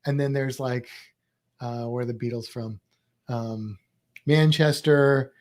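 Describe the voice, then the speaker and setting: A man's voice: medium pitch, steady tone, slow pace, a little mellow. A man with a slight Midwest American accent, co-hosting a podcast in casual, rambling chat. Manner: rambling, thinking aloud with many restarts. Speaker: podcast co-host.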